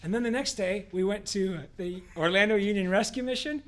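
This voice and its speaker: A man co-hosting a casual faith discussion, telling a story in an animated way with rhetorical questions. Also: high voice, a little fast. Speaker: co-host.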